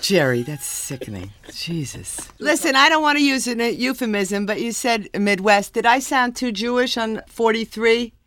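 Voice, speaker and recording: A woman's voice: a little high, expressive, moderate pace, few pauses, fairly bright tone, dry recording. Wisecracking woman in a voice-over booth. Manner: wisecracking, self-deprecating. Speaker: voice-over artist. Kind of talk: recording session banter.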